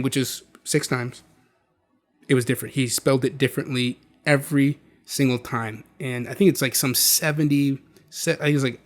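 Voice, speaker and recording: A man hosting a video, explaining in a casual, conversational way with frequent restarts. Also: medium pitch. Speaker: video host.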